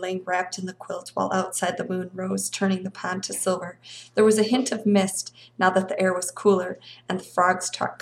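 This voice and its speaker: A woman reads a novel aloud in an expressive storytelling manner. Her voice sits at a middle pitch and has a gravelly texture. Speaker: reader of a novel.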